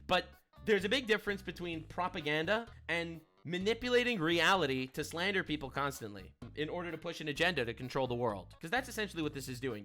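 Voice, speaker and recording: A man's voice: a little high, sharp tone. A man hosting a commentary show, ranting emphatically and tagging his points with "all right?". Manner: emphatic, preachy, keeps adding "all right?". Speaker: commentary host. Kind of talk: reaction commentary rant.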